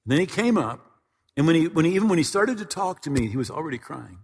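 A man preaching a sermon in a church sanctuary, his voice slightly husky and lively in pitch as it rises and falls. He talks in a conversational way, often doubling up words before moving on. The sound carries a long, reverberant hall tail. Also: quick pace. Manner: conversational preaching with frequent word repetitions. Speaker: pastor.

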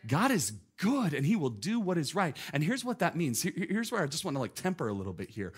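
A man in his thirties preaching a sermon, telling a story with animated, emphatic delivery and repeated phrases. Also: a little high. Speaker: pastor.

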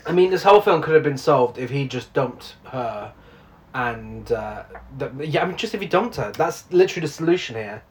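A woman's voice: a bass voice, lively intonation, moderate pace, darkish tone. Woman, podcast co-host, giggly blunt plot recap. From United Kingdom. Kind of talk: casual chat recapping a film.

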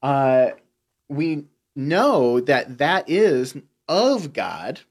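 A man's voice: medium pitch, very animated, drawn-out words, slightly rough. A man in a casual spiritual discussion, explaining earnestly with many fillers.

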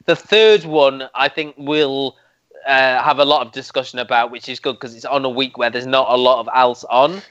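A man's voice: mid-range voice, moderate pace, fairly bright tone, no room sound, highs cut off. A man hosting a podcast, chatting casually and animatedly about TV shows. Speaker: podcast host. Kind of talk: casual TV review chat.

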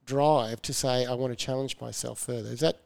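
A man's voice: mid-range voice, steady tone, fairly quick, creaky, darkish tone, clear, resonant tone. A man hosting a podcast, asking questions and adding brief encouraging affirmations. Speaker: podcast host. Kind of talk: interview questions.

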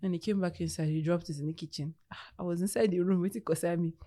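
A woman's voice: fairly low pitch, steady tone, fast talker, dark tone. A woman co-hosting a podcast in casual chat, telling anecdotes and reacting expressively. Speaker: podcast co-host.

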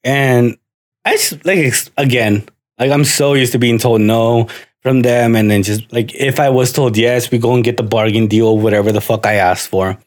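A man's voice: mid-range voice, steady tone, normal speed. A man in his thirties, a podcast co-host telling stories in casual chat, swearing freely, often laughing, acting out his dad and slipping into Spanish. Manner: swearing storyteller who acts out his dad, mixing in Spanish.

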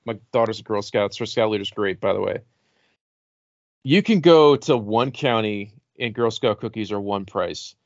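A middle-aged podcast host with a fairly low voice speaks at a moderate pace, rambling, swearing freely, and laughing at his own jokes as he tells stories in a casual chat. The podcast mic sounds dull and lo-fi, with no echo.

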